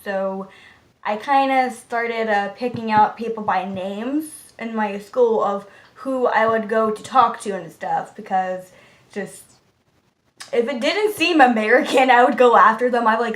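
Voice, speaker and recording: A woman vlogger answering viewer questions in a casual, rambling way, with lots of "uh" fillers and stretches where she drops to a soft murmur. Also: a little high, a little slow. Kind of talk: casual Q&A vlog. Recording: roomy echo with faint background noise.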